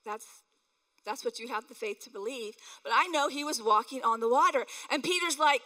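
Bright high-voiced woman preaching a sermon. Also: brisk, long reverb tail, rough recording. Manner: animated preaching, acting out voices in quotes. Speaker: pastor.

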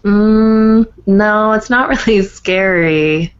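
A woman hosting an improv comedy show, loud and profane and laughing often. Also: medium pitch, extremely slow, clear, resonant tone, muffled recording. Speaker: podcast host running improv games. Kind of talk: casual comedy chat and improv.

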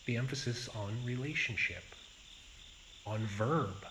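A man as a Zen teacher giving a dharma talk, speaking in a slow and reflective way with pauses. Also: on the low side, expressive, a bit bright, slight background noise, rough recording.

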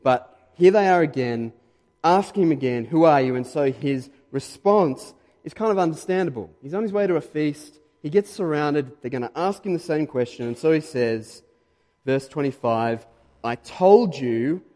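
A man with an Australian accent preaching a sermon, his voice pitched a little higher than most men. He talks to the congregation conversationally, then leans hard into the points that matter. The sound carries a long reverb from a church hall. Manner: emphatic, conversational, quickly louder when stressing points.

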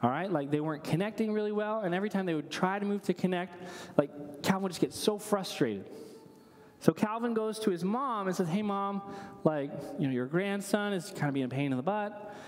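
A man in his thirties preaching a sermon in a conversational, animated way, telling stories and adding asides to his congregation. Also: sits high, fairly quick. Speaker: pastor. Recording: long reverb of a large hall.

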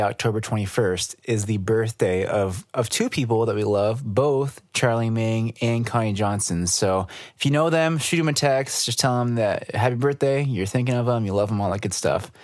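Upbeat man with a low voice. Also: dry recording, studio quality. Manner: upbeat, joking, animated. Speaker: podcast co-host at a church. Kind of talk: casual chat.

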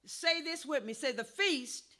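A woman pastor preaching a sermon, calling for responses and rising to a shout. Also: high-pitched, unhurried.

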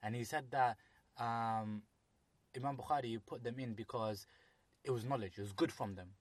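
A man's voice: mid-range voice, moderate pace, no echo. A man in casual religious discussion, thinking aloud with restarts and explaining at length.

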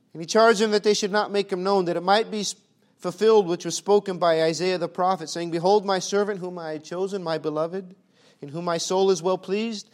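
Preacher, male, high-pitched, emphatic sermon delivery with soft and loud swings. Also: steady tone, moderate pace. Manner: rhetorical questions.

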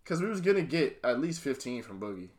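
A man in casual sports chat, reacting quickly and asking questions. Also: mid-range voice, sing-song.

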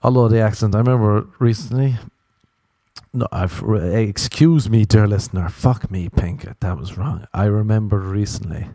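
A man's voice: lowish voice, moderate pace, mellow, no echo, studio quality. A young Irish man hosting a podcast, rambling through a profane, self-mocking comic monologue. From Ireland. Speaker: podcast host. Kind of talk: casual comedic monologue.

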